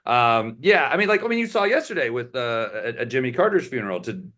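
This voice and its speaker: A man's voice: mid-range voice, very animated, fairly quick, fairly bright tone. A man in his thirties, a stand-up comedian guesting on a podcast, telling stories in a rambling, chatty way full of "like". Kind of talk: casual chat.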